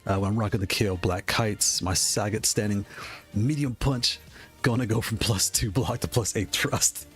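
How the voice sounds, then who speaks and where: Excitable low-voiced man reading chat. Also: normal speed, faint music behind. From Northeast United States. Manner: excitable, thinks aloud, reads chat. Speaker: streamer reviewing game controllers. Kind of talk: casual live-stream chat.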